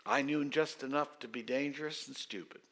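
Gravelly, bright-toned pastor in his fifties. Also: medium pitch, fairly even intonation. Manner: conversational and self-deprecating, with dramatic pauses. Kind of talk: storytelling sermon.

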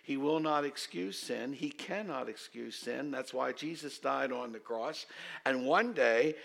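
A man in his fifties, a pastor telling a story in his sermon in a conversational, self-deprecating way with dramatic pauses. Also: mid-range voice, creaky, a bit bright.

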